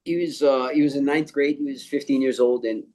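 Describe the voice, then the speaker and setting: An older man, a martial arts instructor being interviewed, retelling a story in a halting way with lots of fillers and quoted dialogue. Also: mid-range voice, fairly even intonation, a little mellow.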